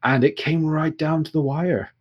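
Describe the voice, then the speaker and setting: A man narrating a tabletop game as game master, chatty and excitable when talking with players. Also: fairly high pitch, moderate pace, muffled recording.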